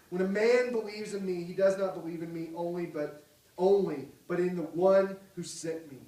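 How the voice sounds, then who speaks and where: Male pastor, higher voice, impassioned sermon, echoey hall, a little off the mic. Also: fairly even intonation, normal speed, recorded from a distance. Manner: impassioned, swinging from loud cries to soft pleading.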